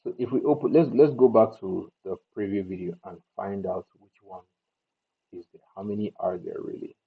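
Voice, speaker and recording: A man with a low, gravelly and husky voice talks through an editing tutorial in a relaxed way. He thinks aloud and restarts his sentences as he goes. The sound is thin and tinny, like a phone line. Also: moderate pace. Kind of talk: casual screen-recorded tutorial.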